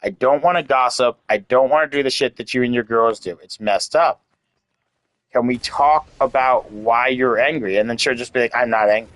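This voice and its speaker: A man's voice: mid-range voice, moderate pace, a bit bright, dry recording, rough recording. A man in his late thirties venting in casual chat, rambling and candid, with lots of "like" and swearing. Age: 30s. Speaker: host.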